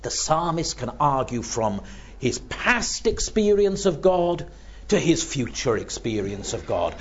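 A man's voice: a little high, muffled recording. A man preaching an expository sermon on a psalm, building to fervent emphasis.

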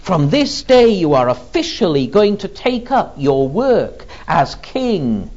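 Male preacher, sermon, unhurried and deliberate, lively rises and falls, muffled lo-fi recording. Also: high-pitched. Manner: slow and deliberate, with rhetorical questions. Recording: dull lo-fi recording.

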